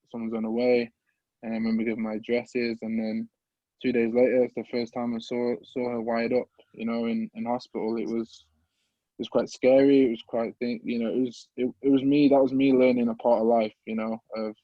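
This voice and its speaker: A man, earnestly telling his life story as a podcast guest in a halting, open and emotional way. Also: medium pitch, no room sound, highs cut off. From English Midlands. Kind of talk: personal life story in an interview.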